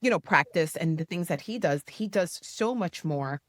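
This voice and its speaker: A woman in her forties co-hosting a podcast, telling stories in a lively, casual way, full of "you know" and "like.". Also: on the low side, moderate pace, no echo, studio quality. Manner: animated storytelling, many "you know" and "like" fillers. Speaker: podcast co-host. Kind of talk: casual conversational interview.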